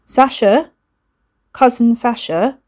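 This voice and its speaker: A woman's voice: on the high side, takes it slowly, darkish tone, voice pushed up. A woman voicing an exasperated young man who stumbles and swears when cornered.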